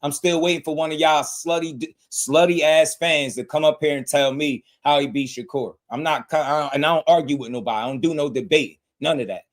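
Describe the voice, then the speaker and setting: A man's voice: fairly high pitch, fairly even intonation, brisk, hardly any pauses. Fired-up man ranting to his live chat. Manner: fired-up, blunt, slangy, talks straight to chat. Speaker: boxing livestream host. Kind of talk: heated live-chat boxing talk.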